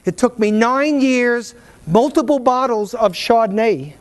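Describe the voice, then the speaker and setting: High-voiced man telling stories on stage. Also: a little slow. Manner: animated storyteller with repeated stammers. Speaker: keynote speaker. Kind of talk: motivational talk to a live audience. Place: event stage.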